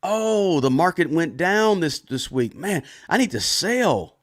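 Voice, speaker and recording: A man voicing an emotional male retail investor, blurting panicky and gushing exclamations in a much higher voice than his own. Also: moderate pace, close to an everyday voice. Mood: jittery.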